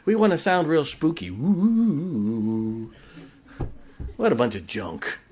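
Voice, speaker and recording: A man preaching a sermon in a folksy, joking way, with sudden shouted exclamations. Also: on the high side, huge pitch swings, brisk. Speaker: pastor.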